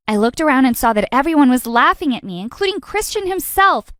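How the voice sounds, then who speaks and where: A woman telling a first-person animated story in a dramatic, expressive narration. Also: high voice, a little fast, dry recording, studio quality. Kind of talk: scripted narration.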